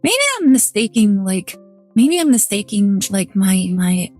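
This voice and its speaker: A woman's voice: medium pitch, lively intonation, a little slow, warm tone, soft background music. A woman VTuber streaming, casually rambling through an anecdote to her chat.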